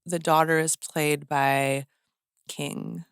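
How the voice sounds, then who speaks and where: A woman's voice: low voice, slow pace, clean tone, dry recording, clean studio sound. A woman guest on a podcast, chatting casually and acting out jokey asides in her stories. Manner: animated, jokey storytelling with acted-out asides. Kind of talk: casual chat.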